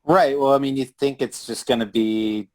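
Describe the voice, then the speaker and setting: A man co-hosting a film podcast in casual chat, explaining things in a relaxed way with dry humor. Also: medium pitch, moderate pace. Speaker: podcast co-host.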